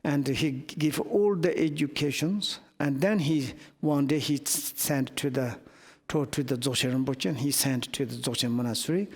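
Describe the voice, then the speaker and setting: Teacher in a reverberant hall. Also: male voice, medium pitch, slightly rough. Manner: halting non-native English, many restarts. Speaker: Buddhist teacher. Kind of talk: dharma teaching told as a story.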